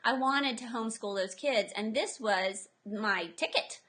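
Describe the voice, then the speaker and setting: Bright, animated woman storyteller. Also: a little high, unhurried. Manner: animated storyteller, acts out quotes. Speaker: interview guest, entrepreneur. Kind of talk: casual interview talk.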